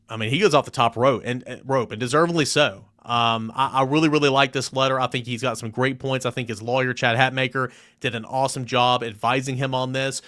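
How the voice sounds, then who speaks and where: A man's voice: medium pitch, fairly even intonation, a little fast, few pauses, pushed and bright. A young man hosting a solo sports podcast, talking emphatically and reading quoted passages aloud with rising force.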